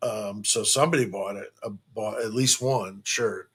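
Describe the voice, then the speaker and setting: A man's voice: lowish voice, normal speed, a bit bright, slightly rough. A man hosting a casual true crime live stream from home. He rambles and jokes, with lots of fillers and restarts.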